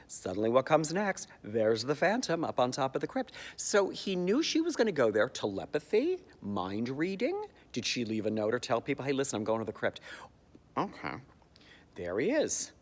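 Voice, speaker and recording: A man giving a sarcastic comic recap of a stage musical's plot, jumping into high squeaky voices to mock the characters. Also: wildly swooping pitch, normal speed, long reverb tail. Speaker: comedic theatre commentator.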